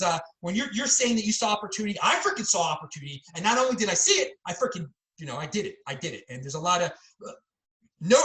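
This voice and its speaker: A man hosting an energetic casual interview, talking in an emphatic, punchy way and repeating words for stress. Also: sits high. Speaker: host. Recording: echoey room.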